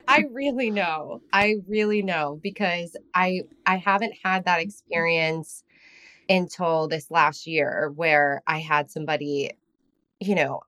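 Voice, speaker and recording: Woman podcast host, lower voice, dry close sound, chatty, laughs a lot. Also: slow, a bit bright, dry recording. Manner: chatty, laughs often, acts out quotes. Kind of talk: casual interview chat. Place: room in New York with street noise outside.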